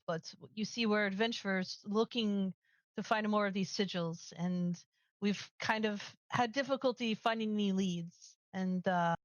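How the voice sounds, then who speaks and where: A woman's voice: mid-range voice, no room sound, highs cut off. A woman playing in a tabletop game, speaking earnestly and rambling a little for her character. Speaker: player. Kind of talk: casual chat at a game table.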